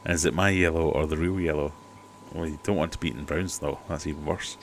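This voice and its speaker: A man's voice: a bass voice, steady tone, brisk, slight background noise. A man hosting a casual aquarium livestream, chatty and skeptical, talking over a cheap microphone at home. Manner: chatty, skeptical, jokey asides. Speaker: aquarium channel host. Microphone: cheap desk mic.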